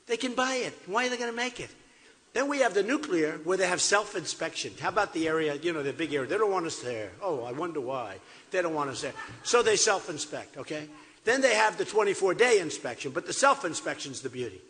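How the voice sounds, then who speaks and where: A man's voice: fairly high pitch, animated, a little fast, fairly bright tone. An older man giving an off-the-cuff, repetitive campaign rally speech at a podium in a large hall. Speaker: political candidate. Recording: echoey hall.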